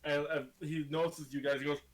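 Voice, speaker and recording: A man's voice: a little high, level tone, a little fast. A man narrating as game master of a tabletop game, describing scenes loosely with fillers.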